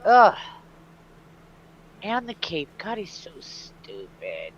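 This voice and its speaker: A man's voice: high-pitched, huge pitch swings, very slow, fairly bright tone, slight background noise. A man co-hosting a casual chat, exasperated and swearing, on dull lo-fi audio. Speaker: co-host.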